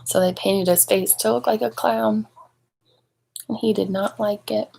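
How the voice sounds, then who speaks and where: Woman, storybook reader for children, animated and engaging, mid pitch with a gravelly texture. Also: a little slow, a little hiss or hum, poor audio. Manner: expressive, adds chatty asides to young listeners. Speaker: storybook reader at a speech clinic. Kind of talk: reading a picture book aloud to children.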